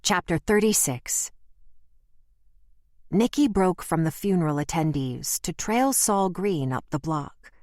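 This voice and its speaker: Low-voiced woman narrating a thriller. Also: no room sound, clean studio sound. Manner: steady, measured reading. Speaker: audiobook narrator. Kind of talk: scripted narration.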